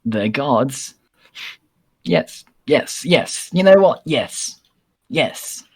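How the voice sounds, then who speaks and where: A man's voice: medium pitch, animated, extremely slow, slightly rough, exaggerated voice. A man playing a pompous, boastful adventurer who talks in a grand, lordly way.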